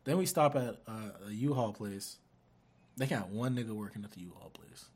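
A man's voice: on the low side, expressive, normal speed, a little mellow, husky. A young man hosting a podcast, telling a story in casual chat. He laughs as he talks and acts out the voices of other people. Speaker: podcast co-host.

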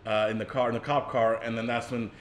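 A man's voice: medium pitch, fast talker, a little hiss or hum. Laid-back young man recapping a movie. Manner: relaxed, retelling scenes, swears. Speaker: podcast co-host.

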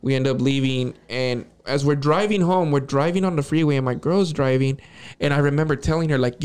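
A man co-hosting a podcast, telling a story in a casual, animated way, swearing freely and acting out what people said. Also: medium pitch, brisk, smooth. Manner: animated, profane, acts out quotes. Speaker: podcast co-host.

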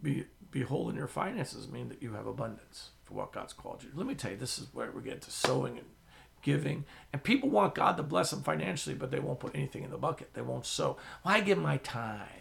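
A man preaching a sermon as the pastor, telling stories with sudden drops to a whisper and swells of loudness. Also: mid-range voice, fast talker, gravelly. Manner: animated storytelling, drops to a whisper and swells loud.

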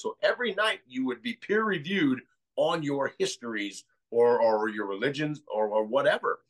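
A man's voice: mid-range voice, lively intonation, normal speed, rough recording. An American man as a podcast guest, talking casually and rambling through ideas with many restarts. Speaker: guest researcher.

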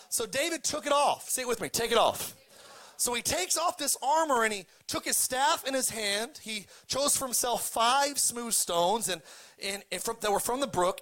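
A male pastor with a high-pitched, pushed, bright voice delivers a joking sermon. He retells scripture in a casual style and leads call-and-response, with the congregation repeating his words.

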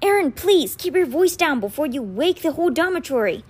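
A woman's voice: high voice, animated, brisk, a little mellow, voice pushed up. A woman reading a storybook aloud, voicing an earnest teenage boy who pleads urgently with his twin brother. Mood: pleading.

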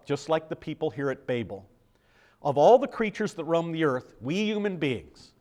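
An older American man preaching a sermon in a conversational way, asking the congregation questions. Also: on the high side. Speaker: pastor.

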